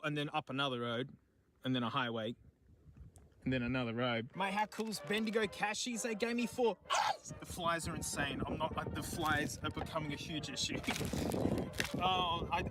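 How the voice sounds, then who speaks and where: Wandering through remote bushland, an Australian streamer makes casual vlog chat, cracking jokes and addressing the things he comes across. He speaks at a moderate pace in a voice on the high side, with background noise present.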